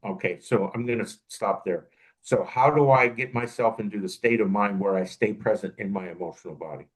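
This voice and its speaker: A man's voice: lowish voice, fairly quick, rough recording. A man co-hosting a podcast, speaking reflectively and thinking aloud, often restarting his sentences. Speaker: podcast co-host. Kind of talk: casual podcast conversation.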